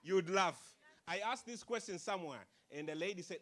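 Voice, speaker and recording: A man giving an energetic motivational speech to young people, calling out to the crowd and asking it questions. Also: high-pitched, fairly quick. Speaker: motivational speaker. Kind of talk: live speech to a youth audience. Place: conference hall.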